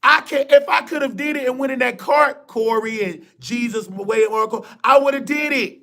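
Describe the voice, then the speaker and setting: High, gravelly man telling a story. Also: normal speed. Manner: animated, colloquial, emotional retelling. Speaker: livestream show host. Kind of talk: casual personal storytelling.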